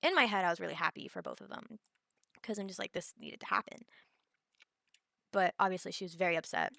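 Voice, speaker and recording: Young woman, lilt, low gravelly voice, dry close recording, chatty storytime vlogger. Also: fairly even intonation, a little fast, a bit bright, no room sound. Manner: rambling, many fillers and restarts. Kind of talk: casual storytime vlog.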